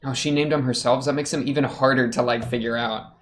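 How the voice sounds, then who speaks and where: A young man chats casually as he reacts to an anime episode, with a voice in an ordinary middle pitch. He jokes and mutters little asides to himself as he watches. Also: fairly even intonation, quick pace. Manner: chatty, joking, muttering asides.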